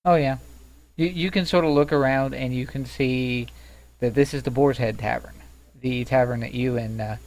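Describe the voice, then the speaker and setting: A man's voice: mid-range voice, steady tone, normal speed, a little mellow, low-quality recording. A man narrating a tabletop game as game master, hesitant and full of ums. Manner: hesitant, with many ums and uhs.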